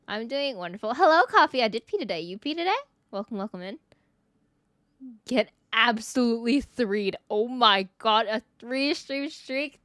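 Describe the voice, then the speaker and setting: A woman in her twenties chats casually on a live stream into a desk mic, greeting viewers one by one while her fairly high, slightly bright voice is worn, giving out, and interrupted by coughing. The recording is studio quality with no room sound.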